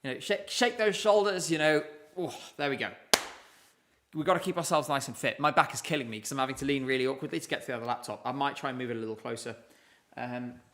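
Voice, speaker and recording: Bright-voiced man streaming live. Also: medium pitch, quick pace, slight background noise. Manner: chatty, rambling, thanks viewers. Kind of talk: casual live-stream commentary. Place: home room at a desk with laptops.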